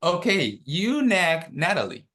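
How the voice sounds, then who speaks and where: A man's voice: high voice, big pitch swings, sharp tone. Man leading a dharma group on a video call, takes his time, keeps asking okay?. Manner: unhurried, checks in often with "okay?". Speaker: dharma teacher leading a workshop. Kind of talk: guiding a group exercise.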